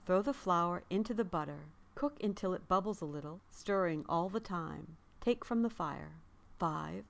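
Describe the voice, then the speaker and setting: A woman reads a children's story aloud at a slow, unhurried pace. Her voice sits a little low and stays measured. Her reading is gentle and deliberate.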